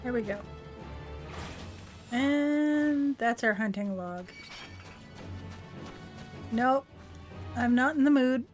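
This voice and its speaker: A woman's voice: high voice, extremely slow, pauses often, soft background music. A tired woman streamer chatting casually and rambling in self-deprecating asides while she plays a video game. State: tired and yawning. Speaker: gaming livestreamer. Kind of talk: casual gameplay chat.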